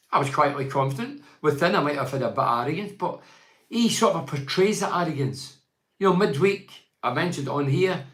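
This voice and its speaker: A man, giving a blunt, opinionated football match review and reading fan emails. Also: on the high side. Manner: blunt, ranting, quotes others in mock voices. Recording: echoey room.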